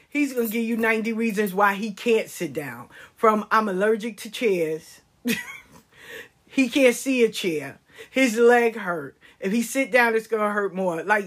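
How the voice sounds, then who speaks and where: A middle-aged woman and grandmother telling comic stories in a casual, animated, profane way, swinging between loud exclamations and hushed asides. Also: medium pitch. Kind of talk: casual comic storytelling monologue.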